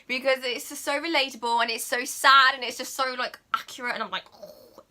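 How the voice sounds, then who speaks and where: A young woman chatting excitedly as a vlogger, gushing and filling her talk with "like" and "oh my God". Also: sits high, brisk. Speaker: vlogger reviewing a film. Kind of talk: casual chat.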